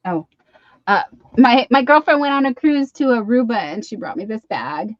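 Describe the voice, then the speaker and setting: This middle-aged livestream host chats casually from home through a computer mic, getting sidetracked easily and making fun of herself often. She speaks expressively at a moderate pace, her voice fairly high-pitched. The recording is muffled, with no room sound.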